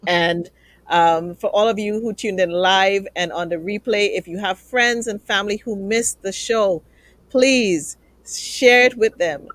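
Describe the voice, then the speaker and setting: Woman host, earnest, emotional, pleading tone, mid pitch, dry close sound. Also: unhurried, no room sound. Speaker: talk show host. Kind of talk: live show sign-off to viewers.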